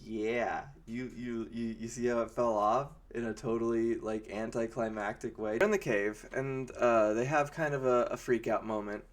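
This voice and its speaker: A man's voice: medium pitch, moderate pace, few pauses. A man giving a casual, rambling movie review with a sarcastic edge, often slipping into mocking quoted voices.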